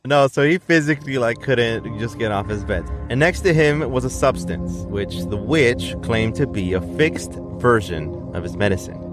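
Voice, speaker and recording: A man's voice: medium pitch, animated, moderate pace, hardly any pauses, over music. A man co-hosting a podcast, casually retelling a ghost legend and peppering it with "right?" asides. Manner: tells the story with frequent "right?" and "like" asides. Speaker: podcast co-host telling the story. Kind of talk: casual storytelling chat.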